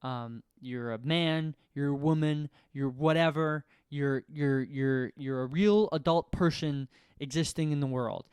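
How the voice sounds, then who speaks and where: Smooth-voiced man musing through a comic bit. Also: on the high side, measured pace, hardly any pauses, a little mellow, dry recording, clean studio sound. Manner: rambling musing, self-questioning, laughs at own jokes. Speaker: comedian. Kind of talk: comic monologue to camera.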